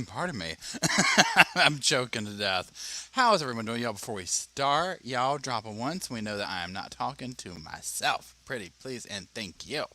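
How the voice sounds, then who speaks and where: A man's voice: medium pitch, very animated, normal speed, pushed and bright, no room sound. A man hosting a casual livestream podcast, chatty and upbeat, addressing viewers as y'all. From North Carolina, US. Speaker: podcast host.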